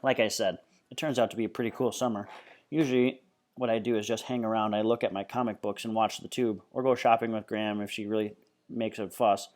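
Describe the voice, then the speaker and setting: Low-voiced man reading a novel aloud. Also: steady tone, brisk, darkish tone. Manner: casual first-person storytelling. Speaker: reader.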